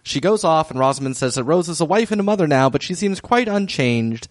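A man's voice: a little high, animated, a little fast, no echo, studio quality. A man co-hosting a podcast, recapping a drama in wry casual chat and laughing often. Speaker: podcast co-host.

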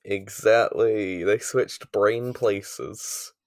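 A man's voice: on the low side, fairly even intonation, drawn-out words, no room sound, studio quality. A man hosting a casual podcast, teasing his co-host in a playful, upbeat way. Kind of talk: casual chat.

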